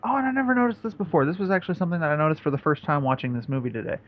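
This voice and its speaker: A man's voice: fairly high pitch, racing, lo-fi sound. A young man co-hosting a podcast, rambling and correcting himself as he chats about a film. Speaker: podcast co-host. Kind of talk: casual chat.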